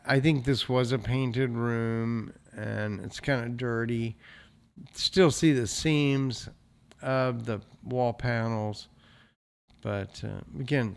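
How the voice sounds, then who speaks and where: A man hosts a real estate show, talking casually over property photos. He speaks at an unhurried, musing pace, thinking aloud and often stopping to clear his throat. His pitch sits in an ordinary middle range. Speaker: real estate investor host. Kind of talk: casual walkthrough commentary on listing photos.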